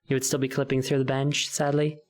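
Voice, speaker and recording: A woman's voice: rumbling low, flat delivery, a little fast, a little mellow. A woman streaming in VR, chatting casually through a headset mic and laughing often. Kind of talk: casual chat while streaming in VR.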